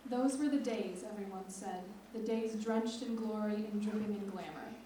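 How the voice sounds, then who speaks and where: A teenage girl reading her own lyric essay aloud on stage in a measured, expressive way. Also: medium pitch, a little hiss or hum. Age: teens. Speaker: student writer. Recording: echoey hall from far off.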